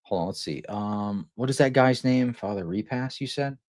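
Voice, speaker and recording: A man's voice: on the low side, moderate pace, darkish tone, no room sound, clean studio sound. A man streaming live, commenting in a rambling, mocking way with lots of restarts and chuckles.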